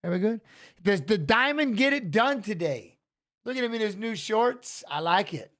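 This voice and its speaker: A man's voice: sits high, animated, normal speed, fairly bright tone. A man hosting a live watch-along stream, chatting casually and greeting viewers by name, often adding "you know what I'm saying". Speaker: livestream host.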